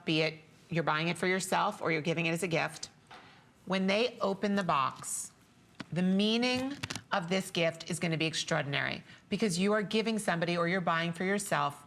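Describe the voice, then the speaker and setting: A woman on a shopping channel giving a sentimental, repetitive sales pitch for jewelry, tearing up as she talks. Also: gravelly, a bit bright, slight background noise. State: teary. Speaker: jewelry designer and shopping show guest.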